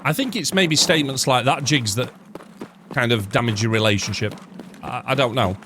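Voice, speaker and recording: A man streams a shooter game live, thinking aloud as he plays. He chats with his viewers between moves, tossing in jokes and the odd swear word. His voice sits at an ordinary middle pitch over a faint bed of noise. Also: normal speed. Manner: rambling, thinking out loud, chatting to viewers; swears casually, jokey asides. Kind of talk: live gameplay commentary.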